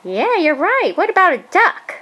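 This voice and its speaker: A woman's voice: extremely high pitch, wildly swooping pitch, normal speed, bright, forceful tone, low-quality recording. A woman talking playfully with a toddler in a home video, encouraging and sing-song. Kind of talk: home video, coaxing a small child.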